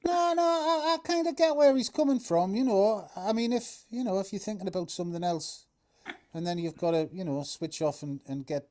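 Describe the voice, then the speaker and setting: Rambling Geordie man, halting storyteller. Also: high-pitched, expressive, a little mellow. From North East England. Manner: rambling, halting storyteller full of "you know". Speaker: co-host. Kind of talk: casual chat.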